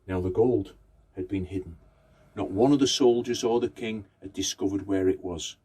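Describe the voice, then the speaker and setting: A man telling a folk tale aloud in a conversational way, pausing to ask his listeners questions. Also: on the low side, dark tone, husky. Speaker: storyteller. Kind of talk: oral folk-tale storytelling.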